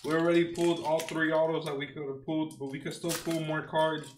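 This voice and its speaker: A man's voice: fairly high pitch, little pitch movement, a little fast, reverberant, slight background noise, low-quality recording. A young man opening trading card packs on a stream, talking casually in slang and joking with mock outrage at the cards he pulls. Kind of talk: casual unboxing chat.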